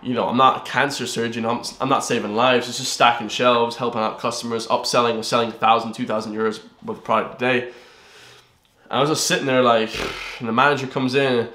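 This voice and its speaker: A man's voice: mid-range voice, little pitch movement, a little fast, bright, forceful tone. A young man delivers a motivational monologue with a loose, rambling flow and plenty of swearing, calling his viewers "guys" again and again. His voice sits in a middle register. The recording has a roomy, echoey feel. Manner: rambling, blunt, swears, keeps saying "guys". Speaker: fitness vlogger. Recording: roomy echo.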